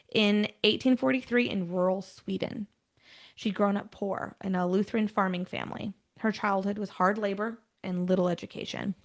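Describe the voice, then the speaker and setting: A woman with a gravelly edge to her voice hosts a true-crime podcast. She reads dark storytelling passages and then drops into loose, chatty asides with her co-host. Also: mid-range voice. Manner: switches between scripted storytelling and chatty asides. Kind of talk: casual true-crime chat mixed with read narration.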